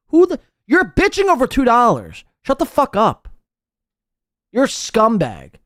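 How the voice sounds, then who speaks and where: A man hosts a podcast in a loud, mocking rant. His pitch jumps all over the place, and the sound is dry and close to the mic. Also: dry recording. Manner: mocking, ranting, animated. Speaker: podcast host. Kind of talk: profane commentary over played clips.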